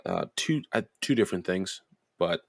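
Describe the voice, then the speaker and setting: A man in casual chat, telling crude drinking stories with lots of swearing and animated quoted voices. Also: sits low, moderate pace, no room sound, clean studio sound. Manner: profane storytelling, lively quoted voices.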